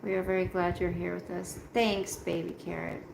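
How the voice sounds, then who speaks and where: A livestream host at home, tired and yawning, reads chat slowly and rambles while addressing viewers by name. Her voice is on the low side and a little mellow, with little pitch movement and vocal fry; the roomy room sounds reverberant, and the rough recording carries slight background noise.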